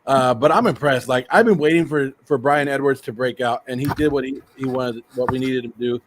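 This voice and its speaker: A middle-aged American man hosting a casual livestream, rambling excitedly and sounding a bit sick and hoarse. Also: mid-range voice, a little fast, background noise. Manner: excited, rambling, laughs often. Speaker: host.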